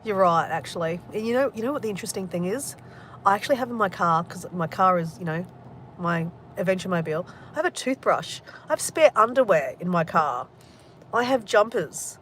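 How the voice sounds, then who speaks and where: A woman's voice: fairly low pitch, lively intonation, fairly quick, fairly bright tone. Woman, candid vlog chat, emotional, swears freely, faint car hum. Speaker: vlogger. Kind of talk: casual talk to camera.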